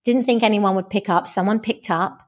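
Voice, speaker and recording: A woman talks as a guest on a podcast, spinning stories with animation and acting out the lines of the people in them. Her voice sits at an everyday middle pitch. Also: moderate pace. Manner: animated storyteller who acts out quoted dialogue. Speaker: guest, dating and relationship coach. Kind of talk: casual podcast interview.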